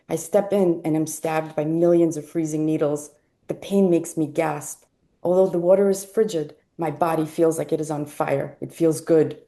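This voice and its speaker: A woman reading a personal essay aloud at a live event, wry and lively when she voices the people she quotes. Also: low-pitched. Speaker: essay reader.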